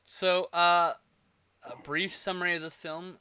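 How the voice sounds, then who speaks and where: A man's voice: high voice, flat delivery, measured pace, pushed and bright, clean tone, no echo. A man co-hosting a casual movie review podcast, joking and laughing often, with his voice trailing off at the ends of lines. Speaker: podcast co-host.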